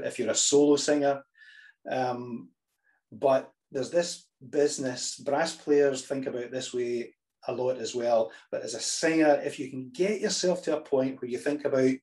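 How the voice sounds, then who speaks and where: Brief: male choral coach, mid-pitched voice, explains and sings out demo phrases, restarts mid-sentence. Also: a little mellow. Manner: demonstrates phrases by singing, restarts often. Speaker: choral music teacher. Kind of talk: spoken singing workshop with sung examples.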